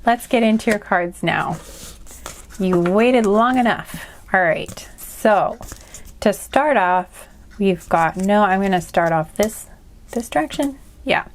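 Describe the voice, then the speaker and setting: A woman's voice: mid-range voice, lively intonation, slow pace. A woman giving a casual tarot card reading, chatty and rambling, often apologizing and laughing at herself. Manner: rambling, apologetic, self-deprecating. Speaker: tarot reader.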